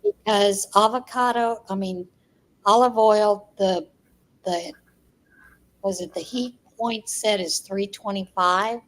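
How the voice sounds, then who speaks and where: On a casual live stream, a female co-host calmly explains practical advice in a relaxed, conversational tone. Her voice is at an ordinary middle pitch with fairly even intonation, and she speaks slowly.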